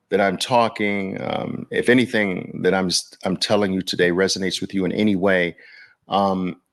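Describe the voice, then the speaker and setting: A man's voice: low-pitched, fairly bright tone. A man hosting a podcast in casual livestream talk, chatting loosely and speaking straight to his viewers. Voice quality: gravelly. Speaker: podcast host.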